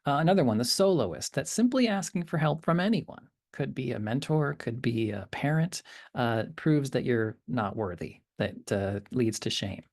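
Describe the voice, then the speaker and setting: A man teaching a course module in a relaxed, hesitant way, often pausing and restarting. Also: mid-range voice. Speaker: course instructor. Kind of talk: lecture.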